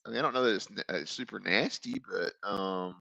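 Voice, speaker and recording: A man co-hosting a casual podcast chat, telling stories with lively acted-out quotes. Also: on the low side, fairly quick, creaky, no echo, low-quality recording. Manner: animated storyteller, acts out quotes. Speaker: podcast co-host.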